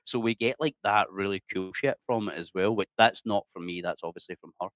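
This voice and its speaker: Scottish guy spinning yarns on a podcast, lowish voice, calls everyone mate, dead dry close mic. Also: a little fast, fairly bright tone, no echo. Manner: chatty, swears freely, says "mate" a lot. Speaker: interview guest. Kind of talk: casual storytelling.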